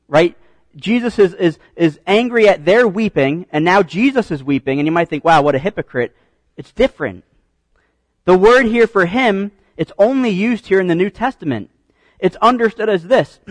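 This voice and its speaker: A man's voice: sits high, no echo, low-quality recording. A man preaching a sermon in a conversational teaching style, often checking in with "right?" and repeating words as he restarts.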